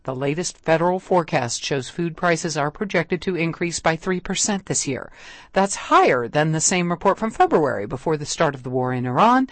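Lively newsreader in a dry studio. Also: medium pitch, no room sound. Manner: measured, clear newsreader delivery. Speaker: local public radio newscaster. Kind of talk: scripted news reading. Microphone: studio microphone.

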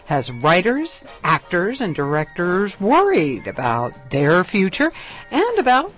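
A local public radio newscaster reading scripted headlines, weather alerts and station IDs in a measured, clear delivery into a studio microphone. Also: mid-range voice, wildly swooping pitch, a bit bright, faint music behind.

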